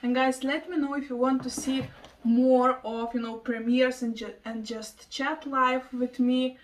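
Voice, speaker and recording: A woman chatting excitedly in a casual home plant vlog, gushing over her plants and thanking viewers. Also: high-pitched, measured pace, recorded from a distance, rough recording. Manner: gushing, excitable, breaks into laughs. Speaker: plant vlogger. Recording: voice a bit off-mic.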